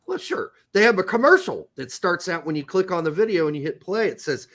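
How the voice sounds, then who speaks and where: A joking male podcast host with a high voice that swings up and down a lot. He is crude and profane and often breaks into laughter in loose banter with his co-host. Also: lively intonation, brisk, few pauses, fairly bright tone.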